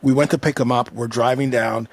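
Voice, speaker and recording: A man's voice: medium pitch, fairly even intonation, fairly quick. A man hosting a podcast, chatty and rambling as he tells a story. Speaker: podcast host. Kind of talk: podcast interview.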